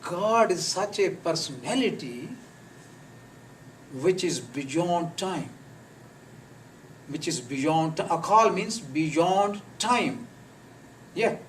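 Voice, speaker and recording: A man teaching a live class on pronunciation, slowly repeating words and sounds for his students. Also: a little high, expressive. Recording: distant mic with faint noise.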